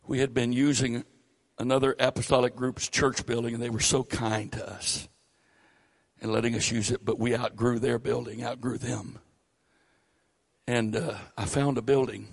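An older man with a Southern accent preaching a sermon, rising loud and high on key phrases. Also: level tone, moderate pace, creaky. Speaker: pastor.

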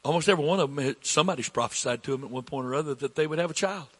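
A middle-aged man preaching a sermon as pastor, slow and repetitive, rising in pitch when he presses a point. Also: husky. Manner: slow, repetitive preaching, rising with emphasis, coughs between lines.

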